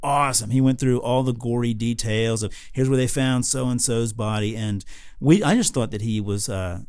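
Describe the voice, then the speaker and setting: A man's voice: medium pitch, normal speed, a little mellow, clear, resonant tone, no echo. Rambling American man, dry close sound. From United States. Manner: rambling, lots of fillers and restarts, chuckles often. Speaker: podcast co-host. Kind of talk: casual chat.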